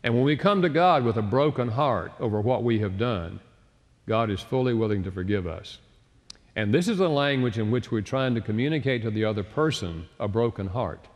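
Animated man speaking in a reverberant hall. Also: mid-range voice, moderate pace. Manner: storytelling, acts out quoted voices. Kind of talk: chapel talk.

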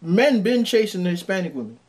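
Lively-voiced New man. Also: sits high, brisk. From New York. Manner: blunt, pushes back with his own examples. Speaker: podcast co-host. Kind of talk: casual chat.

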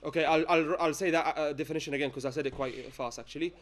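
A man's voice: fairly high pitch, fairly even intonation, fast talker. A male tajweed teacher giving a classroom lesson, quizzing students with frequent checks and mixing in Arabic phrases. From London-based.

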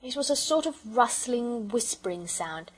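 A woman narrating a children's audiobook in a gentle, measured storytelling manner. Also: fairly high pitch, expressive, husky, low-quality recording.

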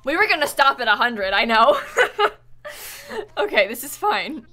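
A woman live-streaming a video game, chatting with viewers in an excitable, dramatic, giggly way. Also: sits high, unhurried. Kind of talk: live-stream chat while gaming.

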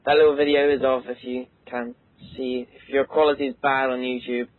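An English teenage boy hosting a casual let's play chat, joking and rambling with excitable bursts. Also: medium pitch, brisk, no room sound. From England. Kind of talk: casual gaming commentary chat. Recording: tinny lo-fi voice-call audio.

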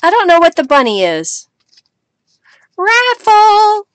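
A middle-aged woman hosts a live crafting stream, chatting casually with viewers while she works and laughing often. Her very high voice swoops wildly in pitch, she speaks slowly, and the recording is dry.

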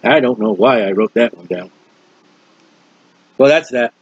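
A man's voice: mid-range voice, lively intonation, measured pace, slightly rough, dry recording. An older man preaching a sermon, earnest and folksy, rambling and acting out prayers as he goes. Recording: dull, lo-fi recording.

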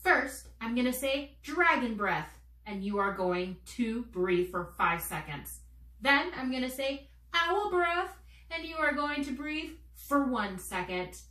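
A young woman runs a children's theater warm-up, speaking slowly and playfully straight to the kids at home. Her voice sits high and swoops all over the place with lots of lift. She is picked up from a few steps back in a roomy, echoey space. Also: sing-song, recorded from a distance. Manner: bright, encouraging, slow and playful, talks straight to children. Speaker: children's theater teaching artist. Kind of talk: leading kids' theater warm-up games.

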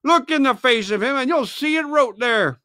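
A man voicing a furious young pirate mutineer in a storybook reading, shouting and sneering. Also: extremely high pitch, lively intonation, moderate pace, no echo, clean studio sound, voice pushed up, full character voice.

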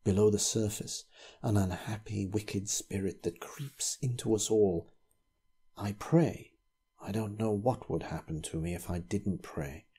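A man reading the part of a frightened, feverish old male vicar who whispers furtively and breaks into quavering outbursts, with a husky voice. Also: a little slow. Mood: whispered dread. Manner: hushed whispering turning to shrill outbursts.

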